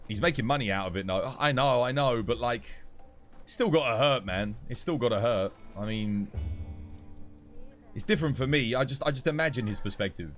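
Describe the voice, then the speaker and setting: A man's voice: mid-range voice, a little fast, faint music behind. Rambling London-accented male streamer. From England. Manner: rambling, relaxed, lots of "like" and restarts. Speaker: game streamer. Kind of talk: casual chat while gaming.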